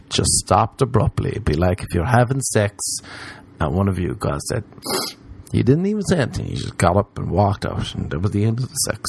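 A young man hosting a podcast, a stand-up comedian rambling through a profane, jokey monologue. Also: fairly low pitch. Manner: rambling, profane, jokey, with swings into mock voices.

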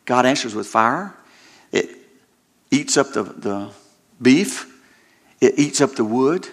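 A man's voice: mid-range voice, lively intonation, takes it slowly. A male preacher delivering a sermon, retelling scripture stories dramatically and often repeating words as he restarts his sentences.

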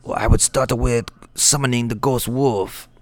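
A man voicing a slow, dim-witted male shaman in a cartoonish Wario-like put-on voice, speaking in a smug, matter-of-fact way. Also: medium pitch, fairly even intonation, lightly acted.

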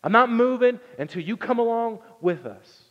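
A man voicing an exasperated, stubborn male prophet who shouts and pleads in disbelief. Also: very high voice, animated, moderate pace, big-room sound, dull audio, voice pushed up.

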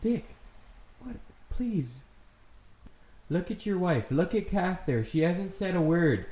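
A man, host of the show, playing a confused, rambling neighbor who keeps trying to calm someone down in an improvised comedy scene. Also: sits high, slow pace, exaggerated voice. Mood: placating. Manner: folksy, rambling, placating. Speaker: podcast host. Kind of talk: improvised comedy role-play. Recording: echoey room.

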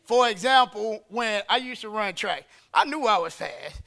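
Man preaching, very high voice, forceful, emphatic and chatty. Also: animated, gravelly. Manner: emphatic and conversational, acting out quick dialogue. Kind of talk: sermon.

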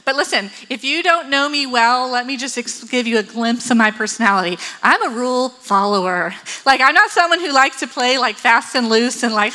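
A woman's voice: on the high side, moderate pace, hardly any pauses, sharp tone, low-quality recording. A woman with children tells a personal story, acting out the quotes and laughing often. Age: adult with children. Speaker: speaker telling a personal story.

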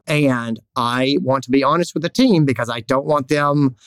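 A man's voice: medium pitch, moderate pace, smooth, no echo. A male veterinarian hosting a podcast, talking candidly in a rambling, storytelling way. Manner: candid, rambling, lively storytelling with acted quotes. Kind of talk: casual podcast chat.

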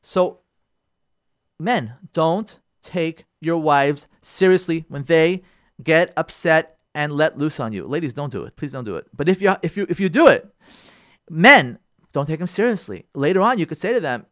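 A rabbi giving a marriage lesson in a fairly high voice, recorded close and dry with no room sound. He drives points home by repeating them and pleads with listeners directly. He swings from loud emphatic bursts to quiet asides. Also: expressive, moderate pace, dry recording. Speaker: rabbi teaching a marriage class. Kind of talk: marriage advice lecture.

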